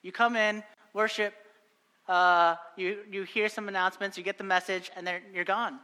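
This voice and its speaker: A man's voice: high-pitched, fairly even intonation, moderate pace, pushed and bright, clean tone, in a large hall. A young adult man preaching a sermon, earnest and exhorting, often repeating phrases for emphasis. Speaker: pastor.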